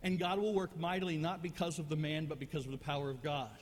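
A man's voice: a little high, level tone, fast, big-room sound. A male pastor preaching a sermon in a conversational, self-deprecating way, often repeating words as he goes.

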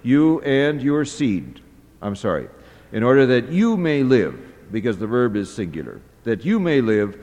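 A man teaching a scripture lesson, reading a text slowly line by line and pausing often with "uh". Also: medium pitch, very animated, darkish tone, in a large hall. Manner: slow, deliberate, pausing often with "uh". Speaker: Hebrew Bible teacher.

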